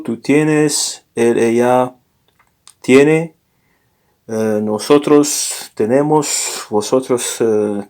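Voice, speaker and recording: Man teaching a lesson, halting and self-correcting. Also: mid-range voice, a little mellow. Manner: unscripted, self-correcting, frequent fillers and restarts. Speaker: language teacher. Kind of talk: informal recorded lesson.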